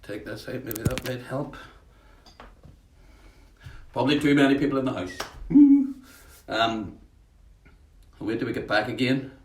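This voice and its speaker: A man's voice: medium pitch, a little slow, pauses often, slight background noise. A man, a poet hosting a home livestream, chatting casually, greeting viewers by name with many fillers between readings. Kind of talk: casual live-stream chat and poetry reading. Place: at home, in a house. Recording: echoey room, voice off-mic.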